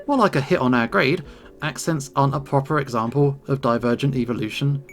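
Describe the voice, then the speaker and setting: A man's voice: medium pitch, brisk, close to an everyday voice. A man voicing a strict, serious teenage girl who scolds in a prim, stern way, with faint game music behind.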